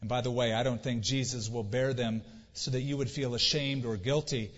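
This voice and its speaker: A male pastor preaching an earnest sermon in a church, asking rhetorical questions and pausing for effect. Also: mid-range voice, fairly even intonation. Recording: dull recording with long church reverb.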